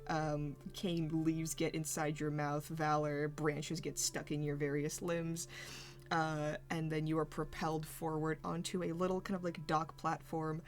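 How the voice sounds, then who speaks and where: A woman running a tabletop game, narrating slowly and loosely with lots of fillers. Her voice sits a little low, with faint music underneath. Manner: relaxed, filler-heavy narration, laughs often. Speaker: game master.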